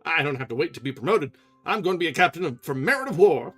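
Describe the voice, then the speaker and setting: A man's voice: fairly high pitch, animated, fast, sharp tone, husky, faint music behind, voice pushed up, exaggerated voice. A man reading aloud and voicing a conceited young soldier who talks in a breezy, boastful way.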